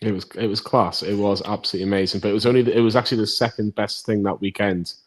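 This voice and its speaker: A man's voice: fairly low pitch, fairly even intonation, racing. A man hosting a casual fan podcast, jokey and teasing as he puts questions to guests. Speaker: podcast host. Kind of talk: casual chat.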